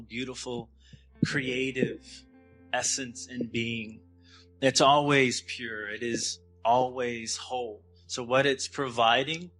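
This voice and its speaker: Bright-voiced man giving a spiritual talk. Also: mid-range voice, low-quality recording. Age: 30s. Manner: gentle, halting, with frequent restarts and laughs. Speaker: spiritual speaker.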